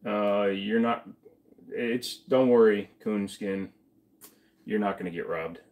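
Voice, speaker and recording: Speaking slowly in a fairly low, darkish voice, a man runs a casual livestream while his stomach feels off. He's chatty, reads chat aloud, answers viewers, and mumbles asides.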